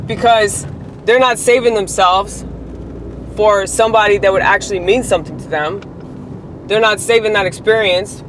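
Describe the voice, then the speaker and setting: A woman's voice: medium pitch, noisy background. A woman delivering a heated, profane, rambling monologue rant straight to the camera.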